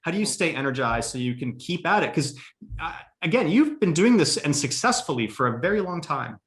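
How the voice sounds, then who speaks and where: A man's voice: fairly high pitch, very animated, a little fast. A man, an institute director, hosting and moderating a live online conversation in an upbeat, friendly way.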